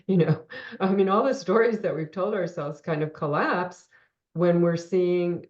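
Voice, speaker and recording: A woman's voice: lowish voice, a little slow, darkish tone, highs cut off. A woman co-hosting a reflective spiritual conversation, thinking aloud with many fillers and restarts. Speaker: co-host discussing a spiritual text.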